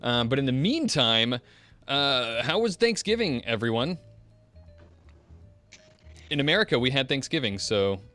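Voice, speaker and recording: A man's voice: mid-range voice, sing-song, unhurried, pauses often, sharp tone, no room sound, faint music behind. A man hosting a podcast in casual chat, rambling and self-deprecating, with many fillers and laughs. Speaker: podcast host.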